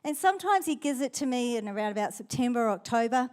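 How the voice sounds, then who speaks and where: A woman's voice: on the high side, expressive, fast talker, darkish tone. A middle-aged woman pastor with a New Zealand accent, preaching a sermon in a chatty, storytelling way.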